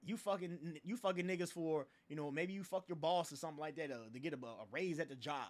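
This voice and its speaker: Animated young man ranting on a livestream. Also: fairly high pitch, quick pace. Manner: animated, profane, laughing, repeats filler phrases. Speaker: livestream host. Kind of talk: casual livestream rant.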